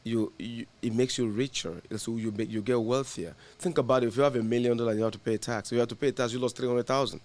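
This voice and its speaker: A man's voice: mid-range voice, fairly even intonation, fast talker, hardly any pauses, darkish tone. A man, an insurance agent, telling stories in casual podcast conversation and laughing through his punchlines.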